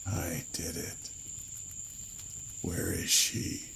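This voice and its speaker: Drowned corpse monster, hoarse papery whisper, slow stretched words, desperate and vicious, horror story. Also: male voice, little pitch movement, sharp tone, a little hiss or hum, full character voice. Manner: slow, drawn-out words rising to shrill screams.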